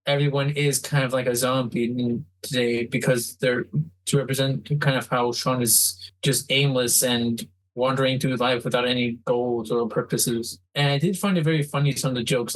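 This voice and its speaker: A man's voice: medium pitch, fairly even intonation, normal speed, no echo, rough recording. A man chatting casually as a podcast co-host, teasing and contrary. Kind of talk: casual chat.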